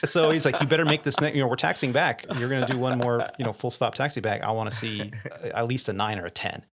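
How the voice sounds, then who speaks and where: A man's voice: mid-range voice, quick pace, slight background noise. A middle-aged man with a mid-range voice chats casually on a podcast. He tells stories from his flying career and acts out other people's lines. He laughs often as he goes. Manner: animated anecdotes, laughs often, acts out quotes. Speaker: podcast host and airline pilot. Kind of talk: casual chat, storytelling.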